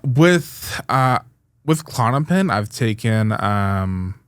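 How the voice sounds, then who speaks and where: A man hosting a podcast, asking questions in a casual, halting way with many restarts. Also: medium pitch, expressive, clear, resonant tone, no echo, clean studio sound. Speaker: podcast host. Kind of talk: casual interview conversation.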